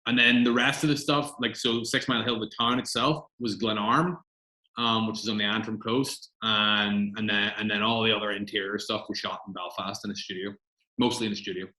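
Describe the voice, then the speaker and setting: A man's voice: lowish voice, steady tone, brisk, sharp tone, roomy sound, low-quality recording. A man, a film director answering interview questions in a chatty, rambling way with many fillers.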